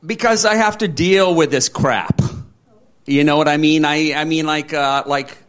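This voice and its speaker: A man's voice: on the high side, a little slow, a bit bright. A man in a candid conversation, rambling with many fillers and restarts and acting out quoted dialogue. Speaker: interviewee.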